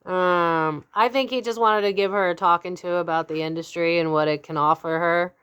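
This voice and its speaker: A woman's voice: fairly low pitch, fairly even intonation, moderate pace, a bit bright, clear, resonant tone, lo-fi sound. Blunt, candid woman giving a tarot reading. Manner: blunt and candid, swears freely, laughs often. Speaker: psychic tarot reader. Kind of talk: casual spoken tarot reading.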